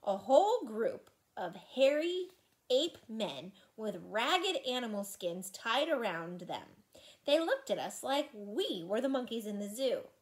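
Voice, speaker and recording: A woman teacher reading a children's chapter book aloud to her class with expressive storytelling. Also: a little high, unhurried.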